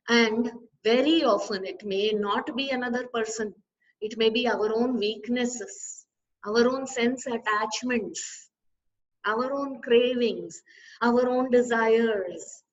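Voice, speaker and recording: A woman, a spiritual teacher, giving an expressive discourse full of rhetorical questions to her listeners. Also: a little high. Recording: distant, slightly dull recording.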